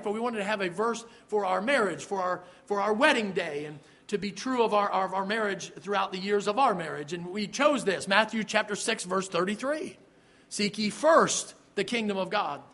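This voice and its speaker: A man preaching a sermon as pastor, reading scripture slowly and stressing key words, with emphatic pauses. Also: high-pitched, a bit bright.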